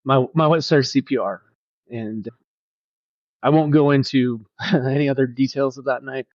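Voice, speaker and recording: A man's voice: mid-range voice, fairly even intonation, moderate pace, a little mellow, no room sound. A man with a mid-range voice tells a personal story as a pastor on a podcast, earnest and reflective, circling back and restarting his phrases. The sound is dull and a little lo-fi, close and dry with no room around it.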